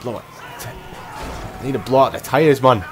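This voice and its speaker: A man's voice: mid-range voice, unhurried, faint music behind. Frantic man commentating gameplay. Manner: frantic, exclaiming, muttering to himself. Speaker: gameplay streamer.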